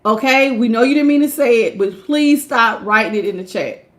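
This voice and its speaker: A woman's voice: fairly high pitch, normal speed. A woman doing a casual live-stream tarot reading, chatty, greeting viewers by name and laughing often. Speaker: tarot reader.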